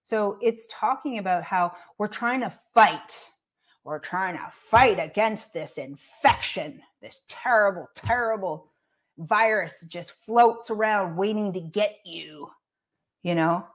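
A woman's voice: medium pitch, slow. A woman giving blunt, sarcastic, profane commentary in a casual rant. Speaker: online commentator.

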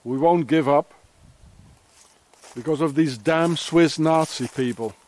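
Out in the snow with his camera, a South African-accented dad vents bitter blame in an angry vlog, repeating the same insults. He talks slowly in a slightly high, somewhat mellow voice.

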